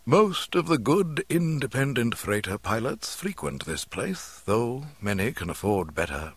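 A man reading an audiobook and voicing a calm, wise old male mentor with a measured delivery. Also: medium pitch, husky, no echo. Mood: advising.

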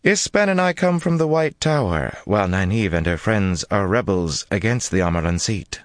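A man's voice: fairly low pitch, expressive, moderate pace, no echo, studio quality, voice pushed up, close to an everyday voice. A man reading an audiobook, voicing a cold, haughty sorceress who speaks in a smug, condescending way.

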